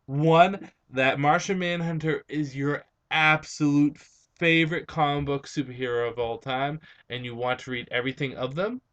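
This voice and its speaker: The recording is muffled as a young vlogger casually takes viewer questions, rambling and hesitating with plenty of fillers. His voice is medium-pitched and a bit bright, and some words show a slight Spanish-influenced accent.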